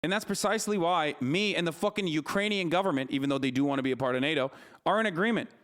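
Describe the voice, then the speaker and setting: A man's voice: on the high side, fast talker, fairly bright tone. A man streaming live, ranting heatedly about politics, cursing freely and answering his chat. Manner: heated, profane, argumentative. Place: streaming studio.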